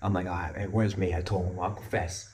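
A man's voice: sits low, fairly even intonation, quick pace, darkish tone. A young man co-hosting a podcast, telling rambling, profane stories and laughing as he goes. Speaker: podcast co-host. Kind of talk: casual chat, storytelling. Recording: roomy sound, a bit far from the mic.

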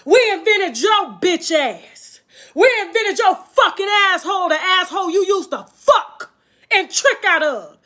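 A woman's voice: very high voice, animated, measured pace, bright, forceful tone. A woman hosting her own livestream, delivering a crude, taunting rant with mocking laughter. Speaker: livestream host.

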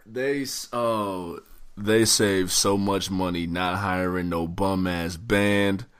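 A man co-hosting a podcast in casual chat, reacting to a friend's stories with slow, laughing disbelief. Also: deep voice, fairly even intonation, smooth. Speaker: podcast co-host.

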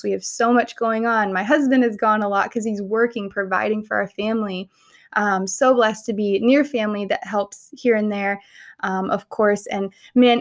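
A young woman talks straight to her listeners in a relaxed, faith-centered podcast. Her voice sits at an ordinary middle pitch. She sounds earnest and heartfelt, chatting as if to a friend. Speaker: podcast host. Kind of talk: casual faith-based podcast talk.

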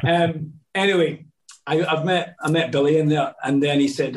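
Guy rambling thru anecdotes, slightly highish voice, sounds a bit off-mic. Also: normal speed, far from the mic, poor audio. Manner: rambling, many restarts and asides. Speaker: guest actor. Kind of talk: casual storytelling chat.

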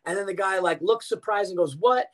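Middle-aged comedian guy on a podcast, kinda high voice, animated storytelling, cusses a lot. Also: fast. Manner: animated storyteller, swears freely. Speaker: comedian guest. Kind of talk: casual podcast chat.

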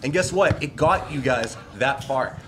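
A man's voice: mid-range voice, expressive, unhurried, noisy background. A man on a podcast, firmly and defensively arguing a business decision. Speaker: podcast co-host. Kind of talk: heated argument.

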